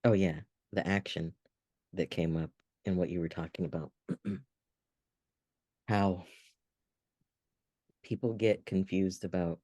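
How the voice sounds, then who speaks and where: A man co-hosting a podcast, musing aloud in a relaxed, reflective conversation with restarts. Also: sits low, slow pace, pauses often, no echo. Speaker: podcast co-host.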